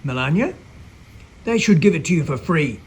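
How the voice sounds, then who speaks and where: A man's voice: fairly high pitch, animated, moderate pace, breathy edge, voice pushed up, heavily acted. A man doing a bragging, rambling president. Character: boastful blustering male president impression.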